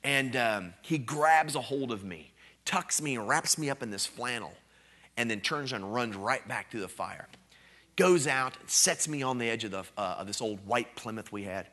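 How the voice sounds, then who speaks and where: A man in his thirties preaching at a revival, telling a personal story with animated, emphatic delivery. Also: medium pitch, normal speed. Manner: animated storytelling, rising to loud emphatic peaks. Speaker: guest preacher. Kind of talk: revival sermon.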